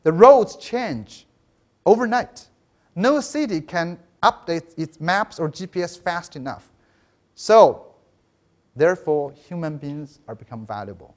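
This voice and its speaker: Lively high-voiced man giving a lecture. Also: measured pace. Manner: lively storytelling, asks the audience "right?", frequent restarts. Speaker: education professor giving a keynote. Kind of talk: conference lecture. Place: conference hall.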